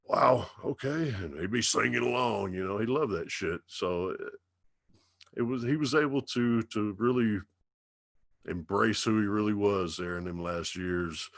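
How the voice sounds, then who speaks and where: A man in his fifties with a Dallas Texas drawl, telling stories slowly and swearing freely as a guest on a casual podcast. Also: fairly low pitch, creaky, no echo, clean studio sound. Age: 50s. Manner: slow drawling storyteller, heavy swearing. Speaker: radio DJ guest.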